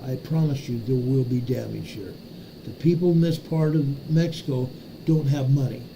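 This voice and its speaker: Emphatic man, dark voice, faint hiss. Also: medium pitch, normal speed, vocal fry, poor audio. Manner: emphatic and repetitive, checks in with "okay?". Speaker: host of an earthquake update livestream. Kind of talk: live map walkthrough talking to chat.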